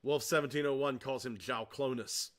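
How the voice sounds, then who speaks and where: A man's voice: mid-range voice, fairly even intonation, normal speed. A man hosting a casual podcast, reading viewer comments aloud with offhand, dry asides. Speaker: podcast host.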